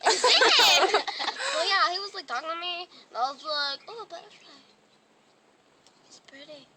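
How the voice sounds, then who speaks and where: A woman's voice: very high voice, sing-song, measured pace. A teenage girl telling a rambling comic story in a vlog, giggly and full of fillers. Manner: giggly, filler-heavy with constant "like". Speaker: vlog host. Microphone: phone. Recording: phone recording with loud hiss.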